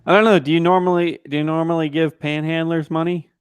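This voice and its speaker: A man's voice: a little high, little pitch movement, quick pace, clear, resonant tone, no echo. A man co-hosting a podcast in casual chat, laughing easily and stumbling into restarts. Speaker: podcast co-host.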